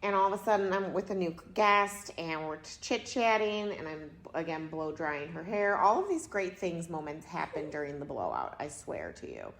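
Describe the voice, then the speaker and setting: A young woman who works as a hairstylist and co-hosts a podcast, chatting in a relaxed, wry way. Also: low voice, normal speed, few pauses. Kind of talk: casual chat. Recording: roomy echo.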